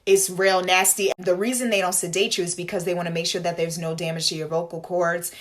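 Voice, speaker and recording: A young woman vlogging casually, telling a story with lots of "like" fillers and slang, jumping into high dramatic voices when she quotes people. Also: brisk. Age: young adult. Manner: animated, dramatic retelling with bursts of high acted quotes; frequent fillers like "like" and slangy asides.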